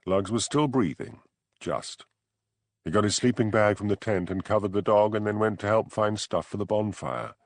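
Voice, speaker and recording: A man reading an audiobook narration in a measured, expressive storytelling manner. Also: fairly low pitch, dry recording. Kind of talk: scripted narration.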